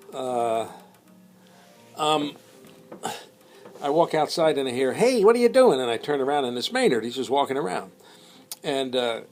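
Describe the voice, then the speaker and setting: A man telling a rambling story in a casual, unhurried way, full of ums and uhs. His pitch sits in an ordinary middle range. Faint music plays behind him. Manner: rambling, with many fillers and quoted voices.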